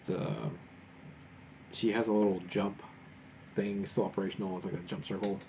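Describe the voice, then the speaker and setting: A man's voice: lowish voice, little pitch movement, moderate pace, darkish tone, a little hiss or hum. A man running a tabletop game as game master, recapping and narrating in a laid-back way.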